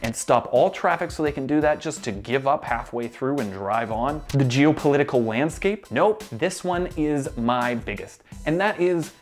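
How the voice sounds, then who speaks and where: A man spins a comic monologue with plenty of sarcasm and bursts of exasperation. His pitch sits in a middle range for a man. Faint music plays quietly behind him. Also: moderate pace, hardly any pauses. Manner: animated, sarcastic, exasperated rants. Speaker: storyteller. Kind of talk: comedic storytelling monologue.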